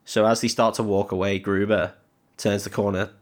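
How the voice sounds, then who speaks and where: A man's voice: fairly low pitch, level tone, normal speed. A young man co-hosting a podcast, animatedly retelling a film and acting out its lines. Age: young adult. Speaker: podcast co-host. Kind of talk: casual film-recap chat.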